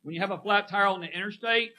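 Folksy preacher man, bright voice. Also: high voice, fast, poor audio. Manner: folksy, asks the congregation questions. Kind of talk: sermon.

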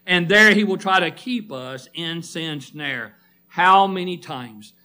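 A man's voice: high voice, animated, slow pace, sharp tone, clear, resonant tone. A middle-aged male preacher giving a sermon, emphatic, firing questions at the congregation and calling listeners by name.

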